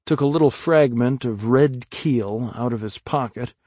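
Slow husky man reading a story. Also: medium pitch, mellow, dry recording, studio quality. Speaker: audiobook narrator. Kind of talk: scripted narration.

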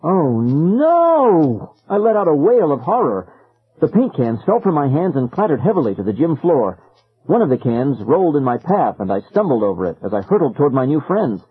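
A man narrating a first-person children's story in a lively, expressive reading. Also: mid-range voice, fairly quick, husky, dry recording. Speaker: audiobook reader. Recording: phone-like narrow band, dry, faint music.

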